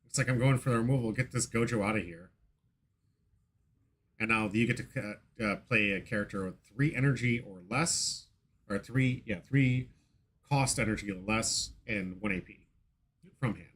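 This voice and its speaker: A man giving casual, excitable commentary on his own card game match, laughing and playing up mock outrage. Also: fairly low pitch, normal speed, slightly rough.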